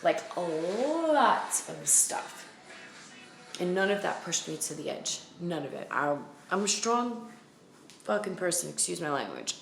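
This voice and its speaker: Blunt New woman vlogger, low gravelly voice, emphatic and repetitive, echoey room with faint music. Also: big pitch swings, measured pace. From the Bronx, New York. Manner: emphatic and blunt, repeating phrases for weight. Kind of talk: candid personal storytelling to camera.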